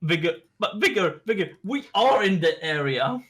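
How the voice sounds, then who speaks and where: A man's voice: sits high, big pitch swings, normal speed, a bit bright, husky. A man playing a tabletop role-playing game, talking in a flippant, mock-panicked way. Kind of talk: casual in-character table talk.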